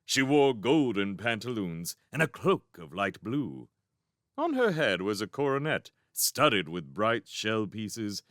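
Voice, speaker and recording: A man reading a children's fantasy novel aloud as narrator, in an expressive storybook style. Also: fairly low pitch, no echo, clean studio sound. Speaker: fan audiobook reader.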